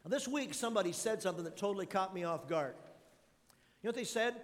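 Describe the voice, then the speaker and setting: High-voiced male pastor preaching in a hall. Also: lively intonation, fast talker. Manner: preaches in numbered points, asks the congregation questions. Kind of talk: sermon. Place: large church auditorium.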